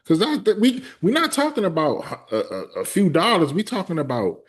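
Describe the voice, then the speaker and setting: A man's voice: high voice, very animated, moderate pace. Curious man asking interview questions. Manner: curious, asks follow-up questions with backchannel mms. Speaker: host, interviewer. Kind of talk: casual interview.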